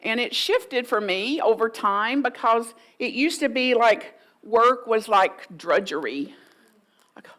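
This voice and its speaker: A woman's voice: fairly high pitch, slow, fairly bright tone. A middle-aged woman, preaching a sermon in a folksy, playful way and acting out inner voices for the congregation. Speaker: guest minister.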